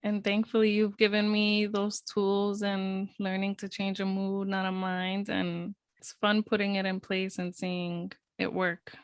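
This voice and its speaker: Podcast co-host, woman, mid pitch, chatty, dry close mic. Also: completely flat delivery, measured pace, hardly any pauses, smooth, no echo. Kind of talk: casual podcast chat.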